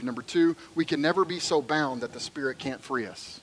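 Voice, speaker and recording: A man's voice: on the high side, fairly quick, few pauses, slight background noise, rough recording. A middle-aged man preaching a sermon as pastor, conversational and joking, then earnest.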